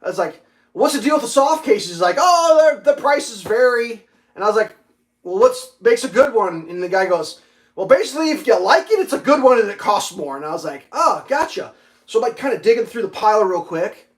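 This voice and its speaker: A man hosting a casual livestream, telling a story with lots of swearing and loudly acting out the dialogue. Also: high voice, sing-song, fairly quick. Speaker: livestream host.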